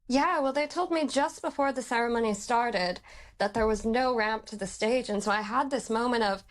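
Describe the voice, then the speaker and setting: A woman from outside the UK, a campaigner, speaking earnestly and in a measured way in a radio interview. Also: on the high side.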